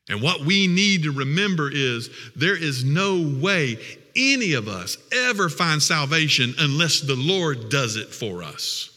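A man preaching a sermon as pastor, with earnest, emphatic, drawn-out phrasing. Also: on the high side, very animated, pushed and bright, big-room sound.

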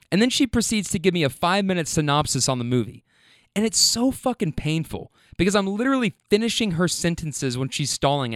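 A man with a fairly high, smooth voice tells a funny story, animated and full of profane asides. The sound is close and dry, with no room around it. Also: no room sound. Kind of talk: casual comic storytelling.

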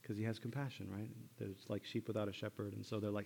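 A man preaching a sermon in a church, conversational and animated, acting out lines from a Bible story. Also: lowish voice, quick pace, vocal fry, a little hiss or hum. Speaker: pastor. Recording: church hall with long reverb.

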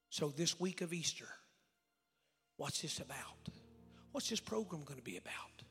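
Male evangelist, raspy and gravelly, a bit high, folksy storyteller jumping from shouts to whispers. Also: lively intonation, normal speed, long pauses, long reverb tail, soft background music. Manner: dramatic storytelling, swinging from loud outbursts to hushed whispers; folksy, acts out dialogue. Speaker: evangelist preacher. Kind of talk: sermon. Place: church sanctuary.

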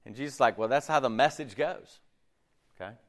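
A man preaching a sermon in an animated, conversational way, acting out quick asides. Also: mid-range voice. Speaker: pastor.

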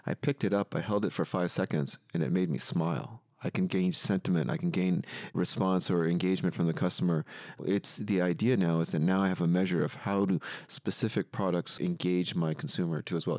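A man speaking as a guest expert in a podcast interview, explaining at length in a measured way. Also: low voice, a little mellow, no echo, studio quality. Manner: measured, explanatory, often adds "if you will". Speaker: guest expert on retail technology.

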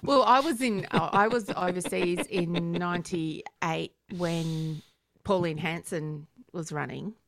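A woman's voice: on the low side, takes it slowly, dry recording. A middle-aged Australian woman with an Australian accent, chatting casually and telling stories. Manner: storytelling, animated when laughing. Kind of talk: casual chat.

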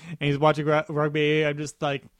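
A man's voice: on the high side, monotone, a little fast, smooth, no room sound. A man co-hosting a podcast, chatting casually about a show, rambling and often restarting his sentences. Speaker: podcast co-host. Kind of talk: casual chat.

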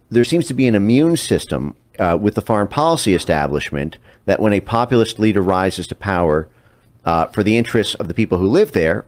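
Male interview guest, low-pitched, measured and analytical. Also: a little mellow. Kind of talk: political commentary in an interview.

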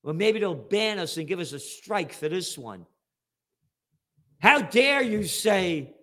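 A man's voice: sits high, big pitch swings, takes it slowly, pauses often, pushed and bright. Blunt profane older New man. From New York, USA. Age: 70s. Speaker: host. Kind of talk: ranting commentary.

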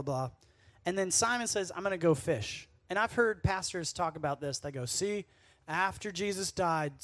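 A man giving a casual, conversational sermon at a youth camp, playful and quick to act out the lines he quotes. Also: on the high side, no room sound.

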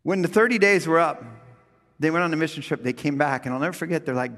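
A middle-aged male pastor preaching with comic storytelling, swinging from loud funny voices to quiet reflection. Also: fairly high pitch, fast, soft background music. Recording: long hall reverb.

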